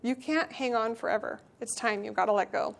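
A woman voicing a tall, gentle mother oak tree in a read-aloud storybook, speaking softly and soothingly. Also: on the high side, brisk, gravelly. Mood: gentle reassurance.

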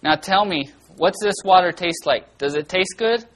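A children's church teacher with a medium-pitched voice and moderate pace teaches a spirited Bible lesson, questioning the children often and launching into loud, dramatic bursts. The sound quality is poor.

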